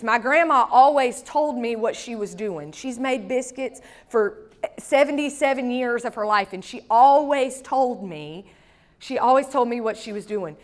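A woman's voice: fairly high pitch, moderate pace. A woman pastor, preaching a sermon through a personal story with folksy asides.

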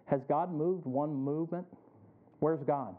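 Male pastor, call-and-response sermon, fairly high voice, phone-thin audio. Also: measured pace, phone-quality sound. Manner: asks the congregation to finish his sentences.

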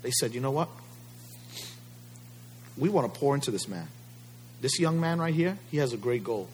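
A man's voice: mid-range voice, animated, normal speed, slight background noise. A male pastor preaching a sermon, emphatic and fond of rhetorical questions to the congregation.

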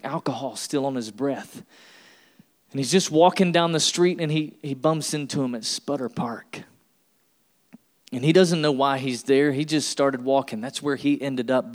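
Emphatic preacher man. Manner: emphatic, rising to a preaching pitch with repeated refrains. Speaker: pastor. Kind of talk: sermon.

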